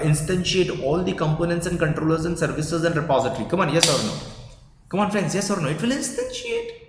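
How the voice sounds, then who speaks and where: Emphatic trainer, echoey room. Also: male voice, a little high. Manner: emphatic, repeats points, coaxes replies. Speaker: software trainer. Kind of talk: live online coding workshop. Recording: echoey roomy sound, long reverb, faint noise.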